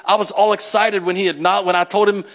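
A man preaching a sermon in a conversational, animated way, acting out the people in his stories. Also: high voice, fast talker. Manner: animated, conversational, acts out quotes. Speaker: pastor.

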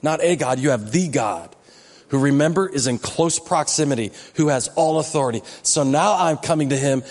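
High-voiced pastor preaching in a reverberant hall. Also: male voice. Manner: conversational, joking, rising into emphatic exhortation. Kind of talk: sermon. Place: church sanctuary.

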